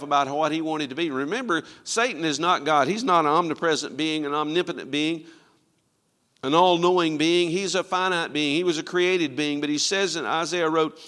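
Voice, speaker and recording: A man preaching a sermon, quoting scripture and swinging from loud, ringing lines to hushed ones. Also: fairly high pitch, long reverb tail.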